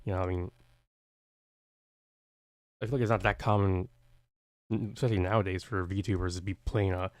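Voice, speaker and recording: A man with a fairly low voice gives casual reaction commentary. He rambles, doubles back and restarts his sentences often. The sound is dry and close, with almost no room echo. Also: steady tone, moderate pace, long pauses. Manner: rambling, hesitant, many restarts. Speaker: reaction video host.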